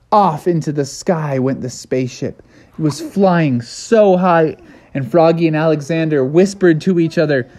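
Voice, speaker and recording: A man improvising a bedtime story, narrating in a lively, playful way. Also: mid-range voice.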